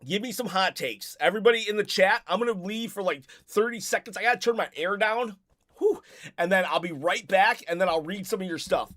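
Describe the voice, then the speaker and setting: High-voiced man hosting a live stream. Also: fairly quick, fairly bright tone, no room sound, studio quality. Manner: rambling, restarts, reads viewer comments aloud. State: a bit out of breath. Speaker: live-stream host reading chat. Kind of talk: casual live-stream chat.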